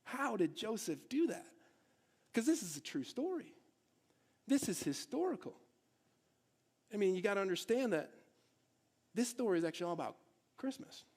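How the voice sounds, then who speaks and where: A man's voice: high voice, big pitch swings, moderate pace, long pauses, darkish tone. A male pastor preaching a sermon to his church in a conversational way, asking the congregation rhetorical questions. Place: church service in a theatre hall.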